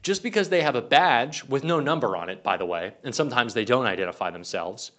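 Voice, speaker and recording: A man's voice: mid-range voice, animated, fairly quick, a bit bright. A young man delivering an angry, profane political commentary rant. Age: young adult.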